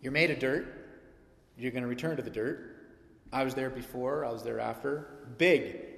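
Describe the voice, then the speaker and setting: A man preaching a sermon as pastor, emphatic and animated, swinging from loud peaks to soft, quiet stretches. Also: mid-range voice, normal speed, gravelly. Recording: echoey hall sound.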